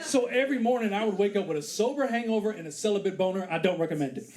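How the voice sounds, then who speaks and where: A man in his thirties performing a stand-up comedy set on a theater stage, acting out scenes with put-on voices and loud exclamations. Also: sits high, animated, very fast. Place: comedy theater stage before a live audience. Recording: live crowd laughter behind.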